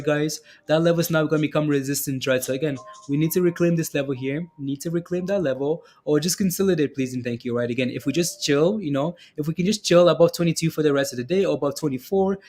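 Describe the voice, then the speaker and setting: A man's voice: on the high side, a little mellow. A man hosting a casual trading livestream, rambling with many fillers as he reads out viewer questions. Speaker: stock and crypto livestream host.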